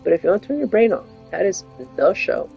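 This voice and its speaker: A woman's voice: medium pitch, very animated, quick pace, vocal fry, dark tone, highs cut off, soft background music. A woman chatting casually while streaming a game, rambling and laughing often. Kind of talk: casual chat while gaming.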